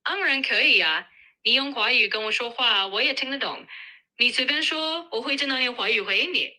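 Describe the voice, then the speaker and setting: American-accented AI assistant, woman, polished and upbeat, fast and crisp. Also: a little high, lively intonation, pushed and bright, rough recording. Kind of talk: synthetic assistant chat.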